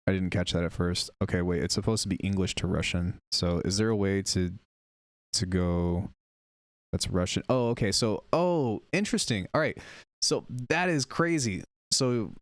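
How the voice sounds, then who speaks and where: A male music producer on a casual live stream, chatting with viewers while demoing software, rambling and unsure of himself. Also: sits low, moderate pace, no room sound, studio quality.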